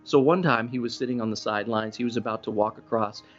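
A male pastor preaching a sermon in a relaxed, chatty storytelling manner, jumping up in pitch when he stresses a point. His voice sits in a middle range and the recording sounds a bit dull, with faint music under it. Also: fast. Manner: conversational storytelling preacher, animated rises for emphasis.

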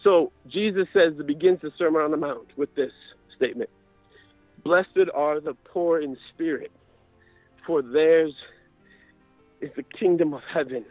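A man's voice: a little high, measured pace, pauses often, dry recording, soft background music. A man preaching a sermon with passion, building to fervent cries. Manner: impassioned, rises to crying out. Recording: tinny radio broadcast.

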